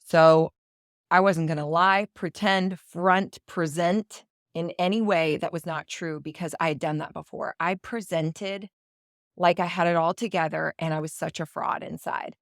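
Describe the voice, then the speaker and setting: A woman's voice: lowish voice, fairly even intonation, unhurried, dry recording, clean studio sound. Candid woman telling a personal story. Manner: candid, confessional, acts out quoted dialogue. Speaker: podcast host.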